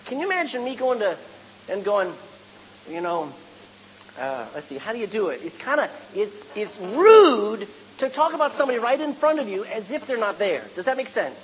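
A woman's voice: medium pitch, big pitch swings, moderate pace, big-room sound, muffled recording. A woman preaching a sermon to a congregation, asking rhetorical questions and acting out the lines she quotes.

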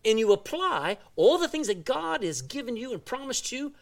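A man from Texas with a Texan accent, preaching a sermon in a folksy, animated way and drawing out words for emphasis. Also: very high-pitched, normal speed, vocal fry, hardly any pauses, distant mic. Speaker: pastor. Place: church.

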